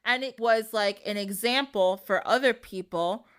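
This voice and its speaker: A young woman hosting a podcast, retelling a fairy tale in an animated, casual way, swearing freely and acting out the quotes. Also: medium pitch, unhurried, smooth. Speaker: podcast host. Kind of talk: casual storytelling.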